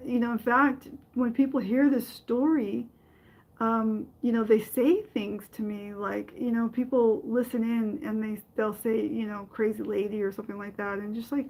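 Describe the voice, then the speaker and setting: A middle-aged woman hosting a podcast, telling a personal story in a halting way with many fillers and restarts. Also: on the high side, a little mellow, poor audio. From from another country. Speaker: podcast host.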